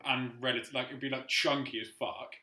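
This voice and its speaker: A young man talks fast and argues his side of a silly debate with animated, sweary energy. His voice is bright and forceful, and the room around him rings with echo. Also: medium pitch. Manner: animated, argumentative, swears casually. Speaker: podcast co-host. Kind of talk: casual chat.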